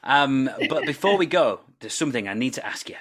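A Welsh man hosting an improv podcast interview, relaxed and playful with easy filler ums. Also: mid-range voice, a little fast. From Wales. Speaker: podcast host. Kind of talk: casual interview chat.

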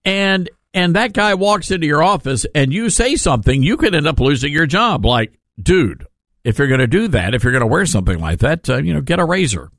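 A man hosting a talk radio show, giving casual opinion commentary in an animated, sarcastic way with rambling asides. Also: on the high side, fairly quick, no echo, clean studio sound.

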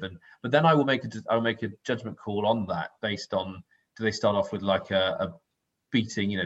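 A man's voice: on the low side, brisk, highs cut off. A man co-hosting a casual chat, rambling and correcting himself mid-sentence with apologetic asides.

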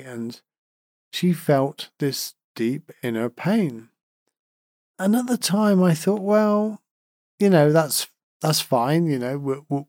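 A man's voice: medium pitch, warm tone, no echo, studio quality. A middle-aged man hosts a reflective podcast monologue, talking in an earnest, heartfelt, musing way. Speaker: podcast host.

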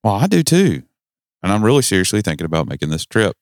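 A man's voice: fairly low pitch, sing-song, quick pace, no room sound, clean studio sound. A middle-aged man from the North Carolina mountains with a Southern accent, co-hosting a podcast in joking, rambling casual chat. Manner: joking, rambling, self-deprecating. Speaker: podcast co-host.

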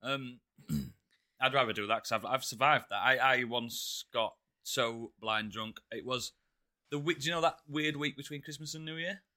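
A man's voice: medium pitch, moderate pace, pushed and bright. A man, a podcast co-host telling blunt, jokey stories in casual banter.

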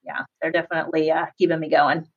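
A young woman teacher from Southern California talks through interview questions in a loose, chatty way, full of fillers and quick laughs. Her voice sits a little low. The recording is dull and lo-fi. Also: level tone, slightly rough. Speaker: public school teacher, podcast guest. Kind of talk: casual interview answers.

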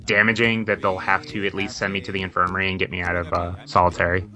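A man's voice: deep voice, completely flat delivery, quick pace, sharp tone. A man giving a wry, musing interview answer. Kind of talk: casual street interview answer.

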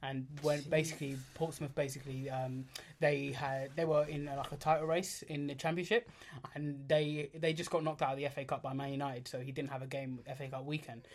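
A man's voice: mid-range voice, fairly quick. Young man telling a story. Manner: animated storyteller, slangy, laughs mid-story. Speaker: podcast co-host. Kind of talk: casual chat.

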